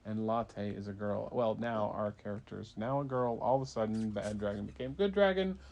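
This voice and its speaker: A man's voice: lowish voice, moderate pace, darkish tone. A man, a parent, making up a bedtime story for a child in a casual, rambling way with fillers.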